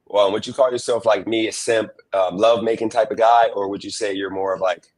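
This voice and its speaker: A man's voice: fairly low pitch, fairly even intonation, brisk, a little mellow, poor audio. A man hosting a livestream interview, asking questions in an easygoing, meandering way full of ums.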